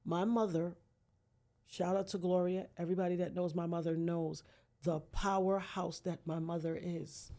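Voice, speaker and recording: A woman's voice: lowish voice, little pitch movement, normal speed, mellow. Earnest woman telling a dramatic story. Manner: vivid storyteller who acts out quoted voices; earnest, invokes God. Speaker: podcast guest.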